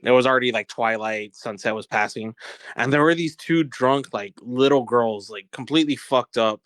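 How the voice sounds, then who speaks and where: A man's voice: mid-range voice, moderate pace, fairly bright tone, no room sound. A man co-hosting a comedy podcast, telling loose, rambling anecdotes. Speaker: podcast co-host. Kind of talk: casual comedy chat.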